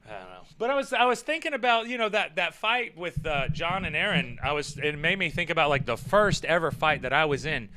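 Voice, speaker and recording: A man's voice: a little high, very animated, brisk, hardly any pauses, pushed and bright, no echo. A man hosting a casual livestream chat, telling rambling, profane stories and reading viewer messages. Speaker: host.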